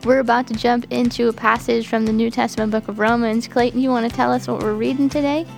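A woman hosting a church podcast, opening with a brisk upbeat intro and joking along with her co-hosts. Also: fairly high pitch, level tone, creaky, darkish tone, faint music behind. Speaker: podcast host.

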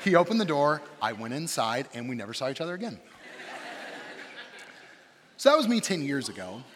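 A man in his thirties, a campus pastor, preaching a humorous sermon and telling stories about himself in an animated, self-deprecating way. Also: mid-range voice, fairly quick, big-room sound, background noise. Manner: animated, self-deprecating storyteller with shifting energy.

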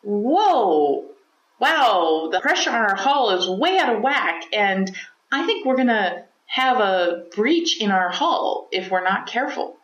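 A woman's voice: medium pitch, big pitch swings, takes it slowly, a bit bright. A woman playing an alarmed starship engineer, warning urgently that the hull is about to give way. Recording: roomy, slightly dull recording.

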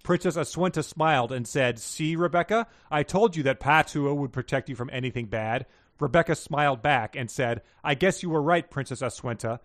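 A man's voice: mid-range voice, moderate pace, fairly bright tone, no room sound, studio quality. A man co-hosting a podcast, chatting casually and reading book passages aloud with laughing asides. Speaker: podcast co-host.

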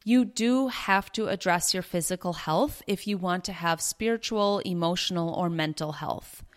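A young adult woman talks through her ideas as a podcast host, in a relaxed and earnest monologue. Her voice sits a little low for a woman, and she often repeats a phrase to press a point. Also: normal speed. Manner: earnest, conversational, repeats herself for emphasis. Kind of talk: casual teaching monologue.

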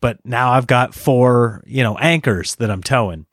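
A man hosting a podcast, telling a story in a casual, animated way, ranting in exasperation and laughing at himself. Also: medium pitch, unhurried, dry recording, clean studio sound. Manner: self-deprecating, laughs at himself. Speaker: podcast host.

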